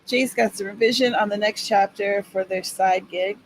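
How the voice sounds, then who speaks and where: A woman's voice: medium pitch, fairly even intonation, normal speed, slight background noise, rough recording. A woman hosting a writing-sprint livestream in casual chat, upbeat and cheering viewers on by name.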